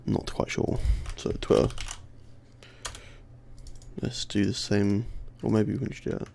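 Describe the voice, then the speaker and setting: A young man with a slight lisp talks through a screen-recorded tutorial, mumbling and putting himself down as he works it out aloud. His low voice is very gravelly and sounds worn out. Keyboard clicks and typing sit behind him. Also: very animated, a little slow, a little mellow, a little hiss or hum. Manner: mumbling, self-deprecating, thinking aloud. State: tired, worn voice. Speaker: tutorial host.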